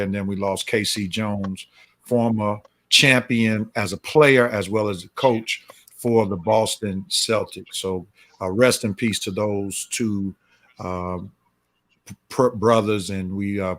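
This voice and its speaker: A man's voice: fairly low pitch, fairly bright tone, no room sound. A man hosting a casual sports talk show, easygoing and passing the turn to co-hosts. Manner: easygoing, turns somber for tributes. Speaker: show host.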